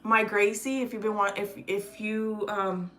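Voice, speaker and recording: A woman's voice: mid-range voice, level tone, measured pace, a bit bright, slight background noise. A woman in her forties chatting casually to the camera while cooking in her home kitchen. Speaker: vlogger. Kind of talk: casual cooking vlog chat.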